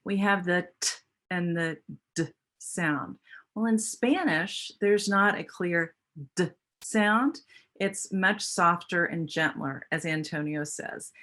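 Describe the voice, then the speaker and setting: A woman's voice: fairly low pitch, bright, forceful tone. An American woman explaining speech sounds in a teacher training presentation, with a patient, explanatory manner and frequent restarts. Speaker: literacy educator.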